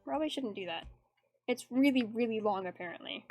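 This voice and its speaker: High-voiced woman chatting while drawing. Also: expressive, brisk, a little mellow. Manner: rambling, giggly, reads chat aloud. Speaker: art streamer. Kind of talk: casual chat while drawing. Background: faint background music.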